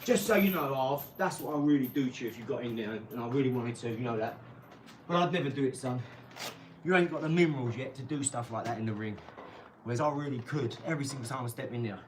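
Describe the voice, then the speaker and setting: A man's voice: medium pitch, fast talker, a little hiss or hum. A man ranting on a live stream, blunt, boastful and rambling. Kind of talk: casual live-stream rant. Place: garage. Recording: echoey garage, mic far off.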